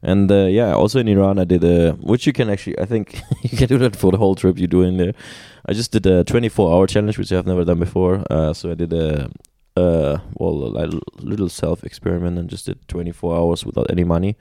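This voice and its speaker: Deep, dark-voiced man telling travel stories. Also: brisk, vocal fry, hardly any pauses, no room sound, studio quality. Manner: animated storyteller with many restarts and laughs. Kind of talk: casual conversation.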